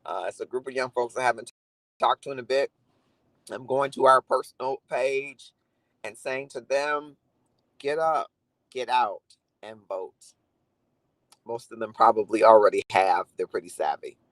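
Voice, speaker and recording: A man's voice: medium pitch, moderate pace, a bit bright, dry recording, low-quality recording. A man talking earnestly and reflectively to viewers on a live stream, greeting commenters by name. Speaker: livestream host. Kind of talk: casual live chat to viewers.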